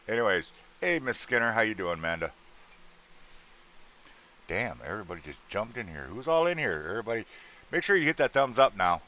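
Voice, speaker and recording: A man's voice: fairly low pitch, very animated, normal speed, pauses often, pushed and bright. A man hosting a casual livestream, chatting loosely with viewers, greeting them by name and joking around, his voice a little worn. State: voice worn out from an earlier show. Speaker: livestream host.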